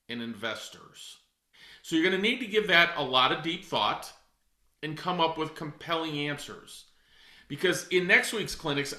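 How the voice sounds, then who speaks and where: A man's voice: a little high, pushed and bright, reverberant. A middle-aged man coaching real estate agents in a direct, emphatic way, calling his listeners folks. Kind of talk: coaching talk.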